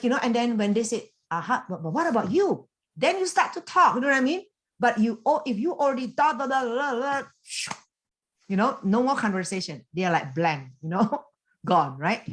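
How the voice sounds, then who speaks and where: A woman giving a motivational coaching talk over a video call, animated and chatty, full of fillers and quick laughs. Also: medium pitch. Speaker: business coach and team leader.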